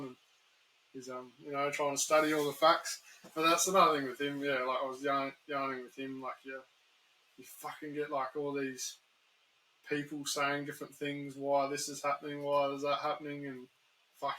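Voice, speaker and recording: Bright-voiced laid-back Australian man. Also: mid-range voice, a little hiss or hum, low-quality recording. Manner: laid-back, rambling, frequent swearing. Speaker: guest YouTuber. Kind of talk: casual chat.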